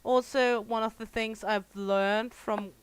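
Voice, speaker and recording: Danish-accented woman streamer, slightly high, clear voice, chatty and profane. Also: steady tone, slow pace, dry recording, poor audio. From Denmark. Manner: chatty, swears freely, laughs often, talks to chat. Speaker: game streamer. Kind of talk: casual live-stream chat while playing.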